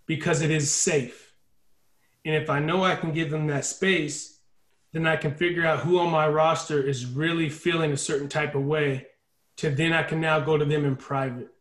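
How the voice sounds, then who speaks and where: A fairly high-voiced man gives an earnest talk as a guest speaker. He acts out the voices of others and picks up speed as he gets stirred. His voice echoes around the room. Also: a bit bright. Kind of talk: impassioned talk on a video call.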